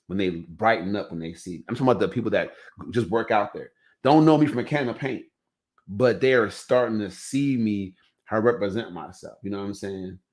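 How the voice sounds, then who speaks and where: A man with a lowish voice hosts a laid-back podcast. He rambles through stories in a loose, conversational way and keeps checking in with his listeners. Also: fairly quick. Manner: loose, storytelling, heavy on "you know what I'm saying". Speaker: podcast host. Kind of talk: casual podcast chat.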